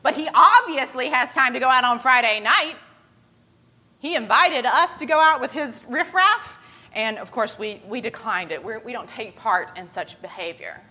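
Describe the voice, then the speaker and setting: A woman's voice: fairly high pitch, normal speed, bright, forceful tone, slightly rough. A woman voicing a grumpy, judgmental male corporate lawyer in a church skit. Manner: sniffy, judgmental.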